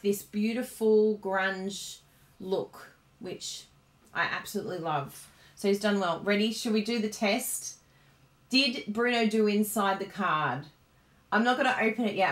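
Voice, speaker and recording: A woman's voice: mid-range voice, measured pace. A woman with an Australian accent chatting casually on a card-making live stream. She gushes and laughs often. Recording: roomy, echoey room sound.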